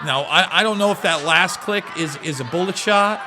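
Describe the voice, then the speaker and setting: A man's voice: high voice, moderate pace, a crowd in the background, noisy background. A man hosting live political commentary, emotional and repeating himself as he stumbles over words.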